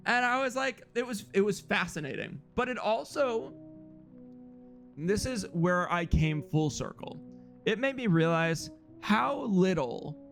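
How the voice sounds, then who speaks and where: A man's voice: sits high, lively intonation, takes it slowly, gravelly, long pauses, fairly bright tone, soft background music. A man streamer chatting casually and rambling through a story with frequent chuckles.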